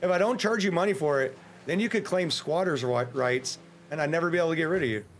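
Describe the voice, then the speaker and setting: A man's voice: fairly high pitch, quick pace, a little hiss or hum. Joking American man streaming a game. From United States. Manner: joking, rambling, with sudden excited yelps. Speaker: livestreamer. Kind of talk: casual gameplay livestream commentary.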